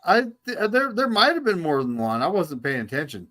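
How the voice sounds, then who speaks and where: A man tells a story to friends in an easygoing, conversational way. His voice sits a little high, and he keeps it relaxed and matter-of-fact. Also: a little fast. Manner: easygoing anecdote teller. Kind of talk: casual chat.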